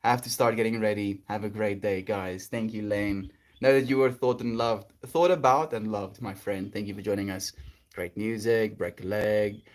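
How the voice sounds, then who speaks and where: A man chatting casually on a spiritual livestream, reading and answering his chat in a gentle, rambling, affectionate way. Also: fairly low pitch, fairly even intonation, normal speed.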